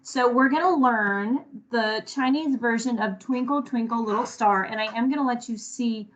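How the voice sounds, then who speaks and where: High-voiced woman teaching a music lesson. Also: normal speed, dull audio. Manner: encouraging, self-deprecating, sings short phrases for echoing. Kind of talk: online music lesson, call and response singing.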